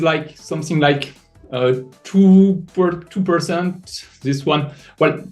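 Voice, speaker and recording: Man with a French accent, halting. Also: fairly high pitch, a little mellow. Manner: halting, many restarts and fillers while explaining. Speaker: NFT project creator. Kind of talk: AMA audio chat.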